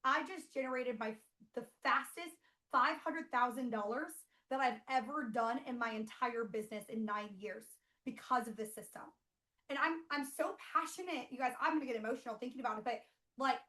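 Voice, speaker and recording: A woman coaching online business owners in an energetic, emphatic training, repeating rhetorical questions and calling her audience "you guys". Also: a little high, moderate pace, rough recording.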